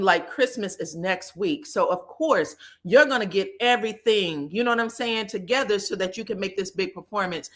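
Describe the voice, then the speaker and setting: Chatty woman hosting gossip commentary. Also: medium pitch. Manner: chatty, animated, addresses viewers as y'all. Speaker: commentary host. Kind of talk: casual pop-culture commentary.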